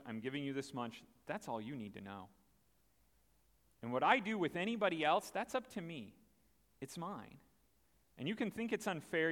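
A man voicing a calm, stern vineyard owner who lays down the terms in a low, measured way. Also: big-room sound.

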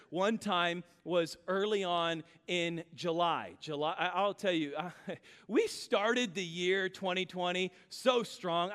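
Pastor guy in his 30s, fairly high voice, preaching with big swings from loud to quiet, long echo of a church hall. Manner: earnest, storytelling, swings from loud to hushed. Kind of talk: sermon. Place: church sanctuary.

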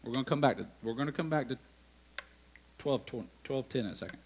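A man's voice: mid-range voice, brisk, slight background noise. A man preaching a sermon in a conversational style, with asides and acted-out quotes. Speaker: pastor.

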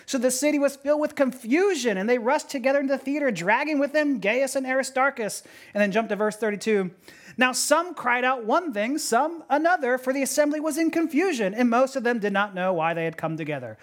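Animated woman preaching with laughs. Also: high-pitched, fairly quick. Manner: animated, laughing often, repeats words, many rhetorical questions. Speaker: pastor. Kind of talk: sermon.

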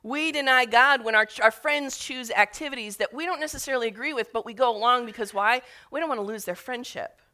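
Bright-voiced woman preaching with earnest feeling. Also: fairly high pitch, brisk, hardly any pauses. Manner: earnest and emotional, with rising intensity on appeals. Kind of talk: sermon.

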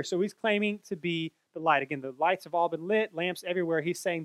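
A man's voice: a little high, fairly quick, hardly any pauses, no room sound. A man explaining a Bible passage in an earnest way, often correcting himself mid-sentence. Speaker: Bible teacher.

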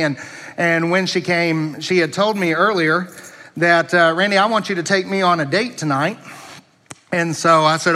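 A man's voice: fairly high pitch, sharp tone, big-room sound. A man, preaching a sermon as pastor, telling folksy stories and chuckling often. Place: church sanctuary.

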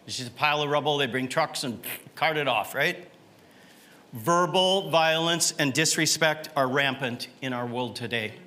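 A man's voice: fairly high pitch, moderate pace, sharp tone. A middle-aged male pastor preaching a sermon, emphatic and questioning, often checking in with the congregation with "right?".

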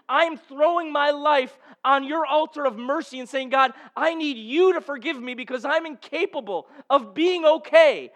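A man preaching with a very high-pitched voice and fervent delivery. He swings from ringing, emphatic calls to hushed, intimate storytelling. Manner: impassioned, building to shouts then dropping to hushed storytelling. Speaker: pastor. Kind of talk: sermon.

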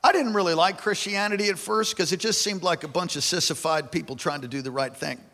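A man preaches a sermon with a bright, slightly gravelly voice and somewhat high pitch. He builds to loud, emphatic peaks and calls out for the congregation to answer. A long reverb trails from the large hall. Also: fairly quick. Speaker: pastor.

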